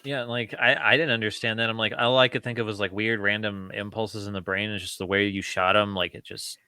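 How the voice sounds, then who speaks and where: A man co-hosting a film review podcast, chatting casually in a halting, rambling way with many restarts. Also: on the low side, level tone, bright, forceful tone, smooth, no echo. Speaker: podcast co-host.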